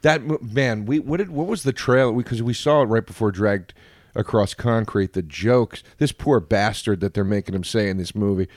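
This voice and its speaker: A man's voice: lowish voice, moderate pace, no room sound. A man chatting on a podcast, swinging his voice up and down as he acts out scenes. He swears freely and talks over his co-host. The sound is dry and close. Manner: animated storyteller, swears freely, acts out quotes. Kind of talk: casual chat.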